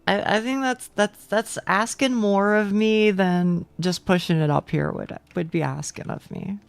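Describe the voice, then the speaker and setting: Slow, gravelly-voiced young woman streamer. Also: mid-range voice, no echo. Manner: self-deprecating, stammering restarts, swears casually. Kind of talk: casual gaming stream chat.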